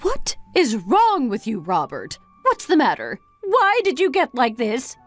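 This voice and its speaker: A woman's voice: high-pitched, wildly swooping pitch, soft background music, exaggerated voice. A woman playing an exasperated middle-aged mother who fires off complaining questions in a dramatized family story. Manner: complaining, rapid-fire questions.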